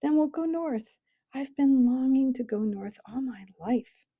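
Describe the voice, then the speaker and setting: A woman's voice: high voice, expressive, a little slow, narrow, tinny audio, voice pushed up. A woman voicing an eager, timid young boy in a storybook reading, earnest and unsure.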